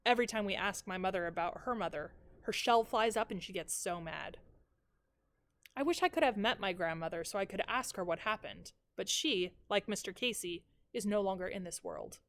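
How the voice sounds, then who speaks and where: A woman teacher reading the first chapter of a novel aloud in measured, even storytelling. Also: mid-range voice.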